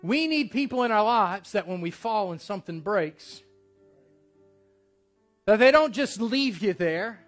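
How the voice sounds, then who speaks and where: A man's voice: sits high, animated, a little slow, pauses often, faint music behind. A man preaching a sermon to his church, telling a personal story in a conversational, earnest way. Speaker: pastor.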